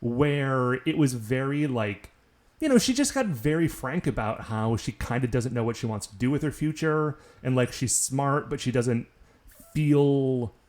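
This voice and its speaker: A man's voice: medium pitch, lively intonation, unhurried, darkish tone. A man co-hosting a podcast in casual chat, rambling with lots of filler words. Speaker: podcast co-host.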